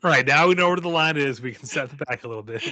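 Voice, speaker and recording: A man with a slightly high, sharp voice talks fast and expressively as a podcast co-host. Playful and joking in a casual movie chat, he wraps up the episode for listeners like a host.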